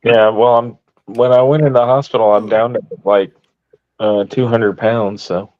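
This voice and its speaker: A man's voice: medium pitch, steady tone, normal speed, no room sound, lo-fi sound. A man chatting on a podcast in a rambling, hesitant way. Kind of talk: casual chat.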